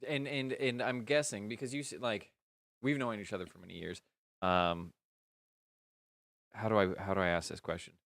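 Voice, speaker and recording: An American man co-hosting a casual podcast chat, talking in an animated way with restarts and jokes. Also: fairly low pitch, normal speed, gravelly, long pauses, dry recording, studio quality. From United States. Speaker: podcast co-host.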